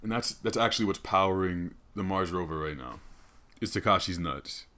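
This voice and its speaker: A man's voice: sits low, animated, moderate pace, bright, forceful tone. A man hosting a comedic podcast monologue, rambling, swearing a lot and laughing often. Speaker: podcast host. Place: studio.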